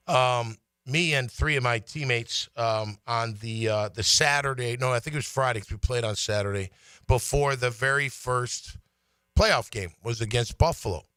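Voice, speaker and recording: A middle-aged man with a bright, forceful voice tells a story in a casual way. He jumps his pitch to act out the people he quotes. His sound is close and dry, with no room around it. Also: smooth, no room sound. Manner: animated, acts out quotes with big pitch swings. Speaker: former player telling a story on sports radio.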